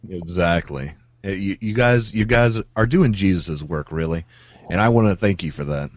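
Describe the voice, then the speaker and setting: Deep-voiced joking male guest. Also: normal speed, no echo, dull audio. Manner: joking, crude deadpan asides. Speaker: podcast guest. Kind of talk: casual podcast banter.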